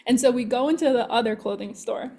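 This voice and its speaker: A woman who coaches clients on manifestation chats on a podcast with a somewhat high voice. She tells her story in an animated way, acting out her inner thoughts as she goes. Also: fast. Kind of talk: casual podcast chat.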